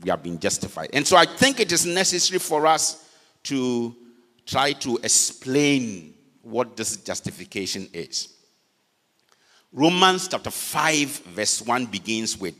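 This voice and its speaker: An older man with a Ghanaian accent preaching a sermon, swinging from loud peaks down to low, quiet phrase endings. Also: sing-song. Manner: preaching slowly with dramatic pitch swings, switching between English and Fante. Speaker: pastor. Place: church hall. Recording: long reverb of a church hall.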